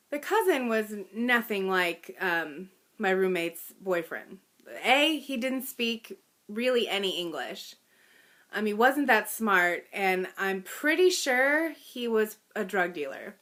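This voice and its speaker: A woman's voice: mid-range voice, animated, takes it slowly, sharp tone. A woman in her thirties telling a personal story in a chatty, self-deprecating way, with little laughs and fillers. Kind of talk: personal story told casually.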